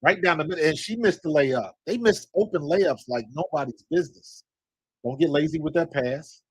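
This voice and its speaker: An excitable man calls a basketball game live as a fan, shouting advice and complaints at the players on screen. His voice sits a little high and sounds husky, and the sound is dry and close with no room echo. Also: moderate pace. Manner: excitable, talks to players on screen, coaching and scolding. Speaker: fan commentator. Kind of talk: live watch-along commentary.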